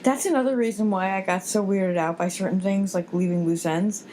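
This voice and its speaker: A woman's voice: mid-range voice, steady tone, fairly quick, darkish tone. A tired woman in her thirties, a podcast guest, answering in a dry, unsure, offhand way. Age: 30s. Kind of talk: casual podcast chat. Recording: faint background noise.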